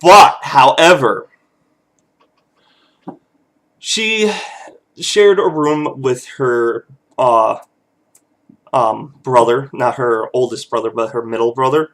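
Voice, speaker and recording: A man's voice: medium pitch, slow pace, fairly bright tone. A man in his thirties, a father casually telling family stories, chuckling often and loose with fillers. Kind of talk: casual storytelling vlog.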